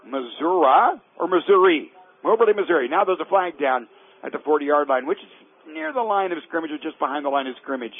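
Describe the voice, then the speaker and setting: A man's voice: a little high, very animated. A man calling live college football play-by-play from the press box, rising and stretching his words when a big play breaks. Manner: rises sharply and slows on big plays. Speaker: play-by-play announcer. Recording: tinny phone-line radio broadcast.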